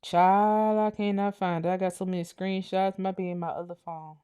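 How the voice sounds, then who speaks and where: A woman with a Southern US accent hosting a casual livestream, ranting loudly, cursing and laughing as she talks. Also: medium pitch, flat delivery, moderate pace, smooth. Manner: loud, profane and laughing. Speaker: livestream host.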